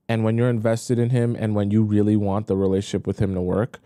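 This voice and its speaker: Blunt low-voiced male dating coach. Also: little pitch movement, fast talker, warm tone, no room sound, clean studio sound. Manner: blunt, talks straight to women viewers. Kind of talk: livestream commentary.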